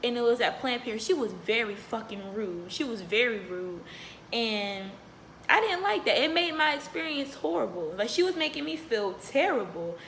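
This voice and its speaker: A young woman with a slightly high voice talks candidly and casually, as if to friends watching her vlog. Her delivery is chatty and loose, full of fillers. A faint ambient hum sits under her voice. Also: very animated, moderate pace, a bit bright. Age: young adult. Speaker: vlogger. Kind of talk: casual storytelling to camera.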